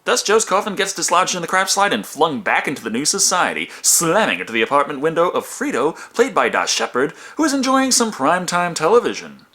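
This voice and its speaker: A man's voice: a little high, huge pitch swings, a little fast, few pauses, sharp tone, slight background noise. A man narrating a comedic film review in a sarcastic, wisecracking manner.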